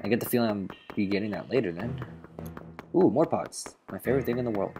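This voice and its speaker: A man's voice: lowish voice, brisk, warm tone, faint music behind. A man doing casual, joking commentary while playing a video game, swearing now and then. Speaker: let's play gamer.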